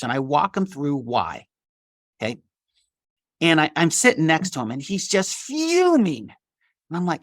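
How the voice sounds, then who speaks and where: A man's voice: on the high side, normal speed, no echo, studio quality. A middle-aged man, a litigation attorney, telling a story from his work in an interview and acting out the dialogue. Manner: animated, acts out quoted dialogue.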